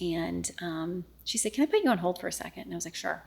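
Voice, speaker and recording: A middle-aged woman, a news anchor, telling a personal story in an interview, earnest and often dropping to a hushed voice as she re-enacts what was said. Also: on the low side, fast, creaky, hardly any pauses, slightly rough. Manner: earnest, reenacts dialogue, often drops to a hushed voice.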